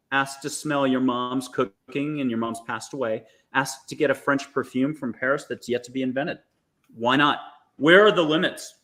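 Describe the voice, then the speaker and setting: A man, a guest speaker, leading a guided visualization in an animated, coaxing way with little jokes. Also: on the high side. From United States. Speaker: guest, angel intuitive.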